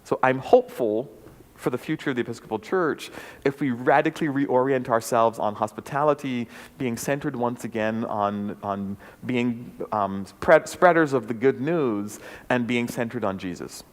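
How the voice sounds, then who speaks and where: A man's voice: mid-range voice, moderate pace. A man, a bishop, giving an earnest, reflective talk to a forum audience, with frequent "um"s and small restarts. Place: church forum hall. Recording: long hall reverb.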